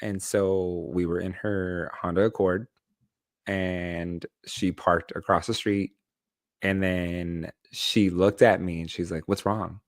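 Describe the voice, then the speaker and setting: A man with a fairly low voice tells a personal story on a podcast, talking in a candid, loose way full of "like" and "um". The sound is close and dry. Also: flat delivery, slow pace, dry recording. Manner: personal, candid, heavy use of "like" and "um". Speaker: podcast co-host. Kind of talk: casual storytelling chat.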